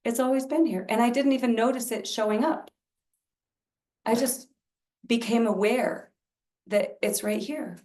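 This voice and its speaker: A woman leading a spiritual service, guiding a chant-based practice in a slow, gentle way. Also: on the high side. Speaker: service leader. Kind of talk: guided spiritual practice talk. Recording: roomy sound from a distance.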